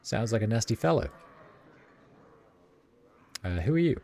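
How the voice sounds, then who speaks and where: A man streams a game and reads its dialogue and narration aloud in his own plain, casual voice, scattering ums and uhs throughout. His voice is fairly low, gravelly and darkish, unhurried, with big swings in pitch. Music plays in the background.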